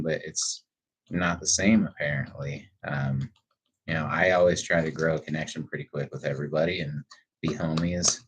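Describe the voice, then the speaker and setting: It's a deep, slightly rough male voice belonging to a livestreamer at home who is answering chat. The talk is casual and reflective, candid and a little rambling, with lots of swearing.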